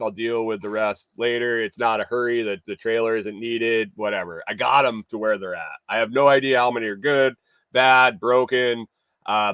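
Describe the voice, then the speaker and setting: A man tells a story in a loose, rambling way, restarting his sentences and swearing now and then. His voice sits at a middle pitch and sounds close and dry, with no room around it. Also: a bit bright, smooth, no room sound. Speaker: morning show host. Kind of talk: casual storytelling chat.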